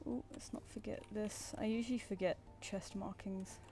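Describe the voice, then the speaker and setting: A woman's voice: mid-range voice, fairly even intonation, normal speed, dark tone, soft background music. A young British woman chatting casually while she draws live commissions, cooing playfully at her pet between remarks. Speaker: streamer drawing live commissions. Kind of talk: casual chat while drawing.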